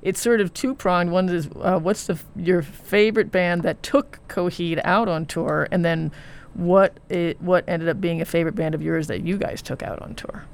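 A man's voice: high voice, fairly even intonation, normal speed, creaky, clear, resonant tone. A man hosting a casual interview, giving brief encouraging replies and reading a listener question. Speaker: podcast host.

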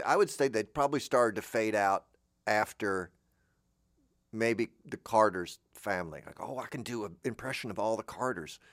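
A man's voice: on the low side, dry recording, clean studio sound. A middle-aged man delivering a rambling, self-mocking comic monologue, drifting between topics and slipping into silly voices. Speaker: comedy show host.

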